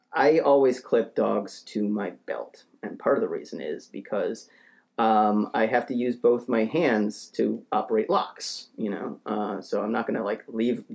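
A man telling a story in casual talk, rambling with lots of fillers and restarts, and getting heated as he goes. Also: vocal fry. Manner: acts out quotes in a shouting higher voice; grows heated and ranting. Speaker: podcast storyteller.

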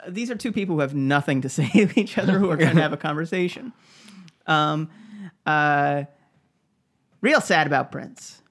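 A man's voice: on the high side, moderate pace, long pauses, fairly bright tone. A man co-hosting a podcast, telling a funny story in a casual way, laughing often and acting out the people he quotes. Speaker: podcast co-host.

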